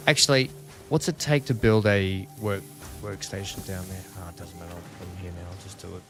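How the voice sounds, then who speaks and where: A man's voice: sits low, steady tone, normal speed, over music. An Australian man hosting a multiplayer game stream, chatting casually with teammates, asking lots of questions and laughing easily. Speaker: streamer host. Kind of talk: casual multiplayer gaming chat.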